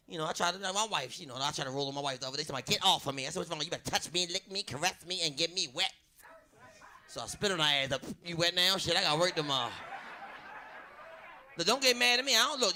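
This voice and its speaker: A man doing a loud stand-up set on a club stage, working the crowd and acting out voices. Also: high voice, quick pace. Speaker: stand-up comedian. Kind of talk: stand-up routine.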